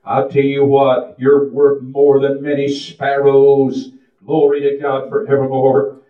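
A man's voice: medium pitch, monotone, slow. A man preaching a sermon in a folksy style that builds into a fervent chant. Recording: distant, echoey, muffled room recording.

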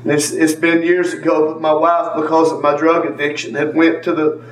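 In a church sanctuary, a man gives an earnest testimony, repeating phrases and calling on congregation members by name. His fairly high voice is flat and moderately paced. The sound is echoey and distant, with faint ambience and slight background noise.

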